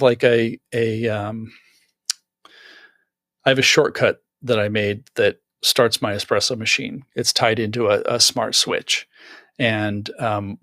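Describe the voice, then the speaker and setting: A man talks through tech tips in a loose, chatty way, often restarting his sentences. He is the guest author in a relaxed conversation. His voice sits close and dry, with no room sound. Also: mid-range voice, dry recording. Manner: chatty, many fillers and restarts.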